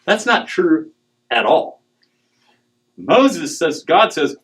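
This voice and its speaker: Animated middle-aged man giving a joking talk. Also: fairly high pitch, measured pace, long pauses, low-quality recording. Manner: animated and joking, with digressions and acted quotes. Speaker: speaker on dowsing. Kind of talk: humorous talk to a live audience.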